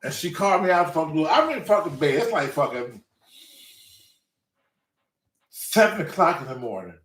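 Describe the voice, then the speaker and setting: A man rants through a story in a loose, profane monologue, his voice jumping high and low as he works himself up. He sits a little back from the mic in an echoey room, and his pitch sits somewhat high for a man. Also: moderate pace, far from the mic, a little hiss or hum. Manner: profane, ranting, animated storyteller. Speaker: show host. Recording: roomy, away from the mic.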